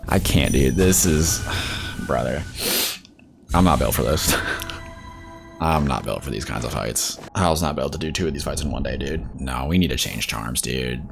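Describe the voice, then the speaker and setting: A man giving casual gameplay commentary as he plays, exasperated, swearing and saying "dude" a lot, with high yelps when he panics. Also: creaky. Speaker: gaming YouTuber.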